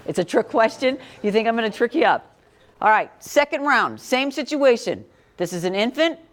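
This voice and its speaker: A woman's voice: fairly high pitch, very animated, moderate pace. Woman quizzing a classroom. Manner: direct, quizzing students. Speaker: parenting educator. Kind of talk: classroom talk.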